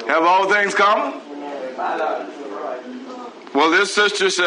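A man's voice: high voice, slow, long pauses, pushed and bright, slight background noise, poor audio. A man preaching a sermon, asking the congregation rhetorical questions. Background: congregation responding.

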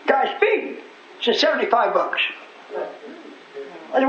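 A man, a radio preacher telling a folksy story that rises into fervent shouting. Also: very high-pitched, sing-song, unhurried. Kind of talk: storytelling sermon. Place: church hall. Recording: echoey hall, muffled, loud congregation.

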